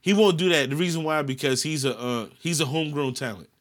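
A man's voice: on the high side, fast. A man from the United States, ranting in a casual chat on a podcast and cursing a lot. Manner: animated ranting, heavy cursing.

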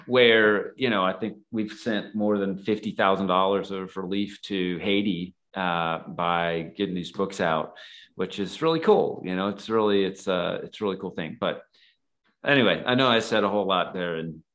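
Man, slightly low voice, casual storyteller, earnest, rambling, lots of fillers. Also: normal speed, a bit bright. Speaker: guest, photographer and nonprofit founder.

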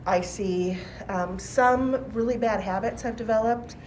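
A woman in her forties, a teacher, answering interview questions in a thoughtful, measured way with restarts. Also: fairly high pitch, darkish tone, a little hiss or hum, rough recording. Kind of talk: conversational podcast interview.

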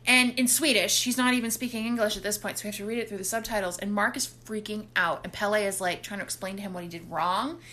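A woman casually recapping a horror film plot, animated and quick to act out the characters' lines. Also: mid-range voice. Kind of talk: casual movie recap chat.

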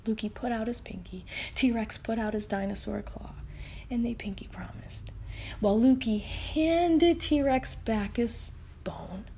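Brief: woman storyteller for kids, high voice, unhurried, playful with hushed whispers. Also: creaky, slight background noise. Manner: playful, counting aloud, dropping into whispers. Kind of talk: improvised children's story narration.

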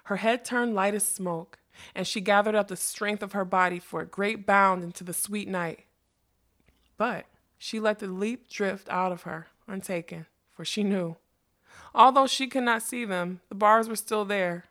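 A woman narrating a storybook in a measured, expressive reading voice. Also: mid-range voice.

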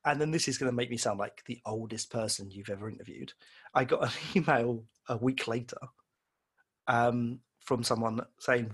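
This illustrator guest has a husky, mid-range voice with a fairly bright tone and speaks at normal speed. In conversation he tells rambling, self-deprecating stories casually, mimicking the voices of those he quotes.

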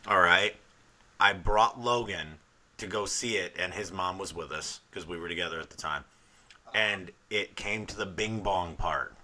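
A man's voice: low-pitched, measured pace, sharp tone, a little hiss or hum. A man in his thirties co-hosting a podcast, telling stories in a joking, profane, casual way. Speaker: podcast co-host. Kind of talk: casual chat.

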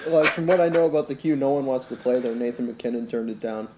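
A man's voice: medium pitch, quick pace, darkish tone, slight background noise, poor audio. A man co-hosting a casual podcast chat, giving short, matter-of-fact replies. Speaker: podcast co-host.

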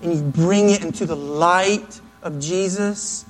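A man preaching a sermon in an earnest, conversational way, now and then acting out quick asides. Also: high-pitched, poor audio. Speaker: pastor.

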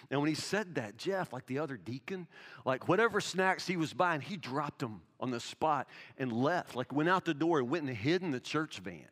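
A man's voice: fairly high pitch, animated, moderate pace, fairly bright tone, big-room sound. A man pastor preaching a sermon, telling a story and then pressing his point with emphatic questions. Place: church sanctuary.

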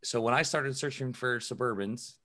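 In casual podcast chat, a male co-host rambles along with plenty of fillers and laughs a lot. His mid-range voice is bright and forceful, at a moderate pace.

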